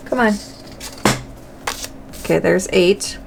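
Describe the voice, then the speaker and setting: A woman's voice: lowish voice, fairly even intonation, takes it slowly, creaky, long pauses, background noise. A woman hosting a budgeting channel, chatting casually to camera while playing a dice game, talking to herself and counting aloud.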